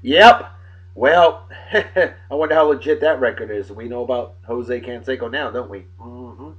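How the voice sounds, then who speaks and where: A man hosting his own casual webcast, rambling and crude and quick to get riled. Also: medium pitch, husky, dull audio. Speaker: show host.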